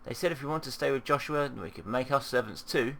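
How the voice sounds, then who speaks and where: A man reading the lines of a worried young woman whose husband was arrested, speaking in a halting, anxious way. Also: medium pitch, creaky, a bit bright, a little hiss or hum. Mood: upset. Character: upset young wife, worried about husband.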